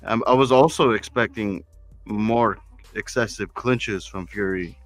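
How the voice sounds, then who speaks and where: A man's voice: on the low side, unhurried, soft background music. A man hosting a casual boxing podcast, speaking hesitantly and restarting his phrases. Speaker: podcast host.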